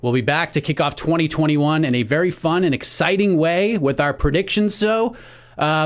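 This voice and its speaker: A man co-hosting a sports podcast, chatting casually and wrapping up the episode. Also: on the high side. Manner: upbeat, wraps up the show. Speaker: podcast co-host.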